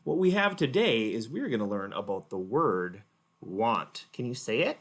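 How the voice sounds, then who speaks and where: A man's voice: medium pitch, big pitch swings, moderate pace. A man teaching a word to children with a puppet, patient and encouraging. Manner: patient, encouraging, clearly spoken. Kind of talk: speech lesson for children.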